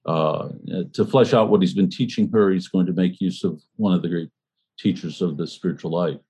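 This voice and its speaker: A man leading a book study group, talking things over in a thoughtful, halting way and reading passages aloud. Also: low voice, dark tone, slightly rough. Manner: thoughtful, halting, frequent fillers and restarts.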